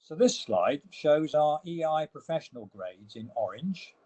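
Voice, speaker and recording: A man's voice: on the high side, animated, measured pace, a little mellow, dull audio. A man giving a webinar slide presentation, explaining each step and leaning hard on the key words. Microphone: online webinar audio.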